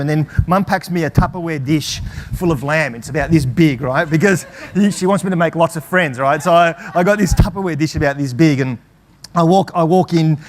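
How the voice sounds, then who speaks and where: A professor telling a lively personal story to an audience, acting out family voices and often restarting his sentences. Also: fairly high pitch. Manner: animated, chatty, acts out family voices, frequent restarts. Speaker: professor giving a presentation.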